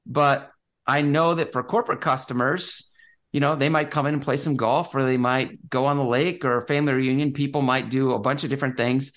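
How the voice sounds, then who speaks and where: Guy rambling excitedly about his investments in an interview, keeps restarting his sentences. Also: medium pitch, fairly quick. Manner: rambling, enthusiastic, many fillers and restarts. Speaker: real estate investor guest. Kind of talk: casual interview talk.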